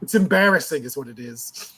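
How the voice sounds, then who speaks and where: A man's voice: mid-range voice, animated, brisk, sharp tone, husky. Haughty man playing a tabletop character. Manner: haughty, dry, condescending. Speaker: player.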